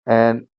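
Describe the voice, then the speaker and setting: A man leads an online speaking-skills lesson in a voice of ordinary pitch, going through points step by step and repeating them. He leans on "you know" and "uh" as he explains. The sound is dry and a little dull, like a typical video-class mic. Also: husky, no room sound. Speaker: speaking exam teacher. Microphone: shared screen video class.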